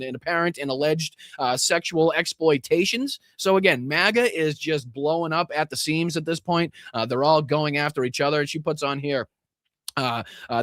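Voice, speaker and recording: A man's voice: on the high side, a bit bright, no room sound, clean studio sound. A man with a Boston accent hosting a casual live political commentary stream, sarcastic and profane, rambling with restarts.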